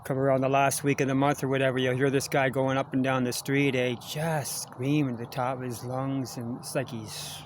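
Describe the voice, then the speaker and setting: A man's voice: mid-range voice, level tone, normal speed, hardly any pauses. A man rambling and joking as he vlogs in the woods, coaxing animals toward him, filmed on a camera held at arm's length. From Canada. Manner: chatty, jokey, coaxing animals. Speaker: vlogger. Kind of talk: rambling outdoor vlog. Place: woods outdoors. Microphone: handheld camera at arm's length. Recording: outdoor noise, wildlife around. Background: outdoor ambience, animals.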